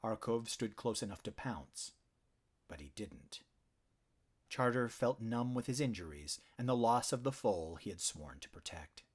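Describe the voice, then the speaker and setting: Male audiobook narrator, low husky voice, slow and expressive. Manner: low, measured, dramatic storytelling.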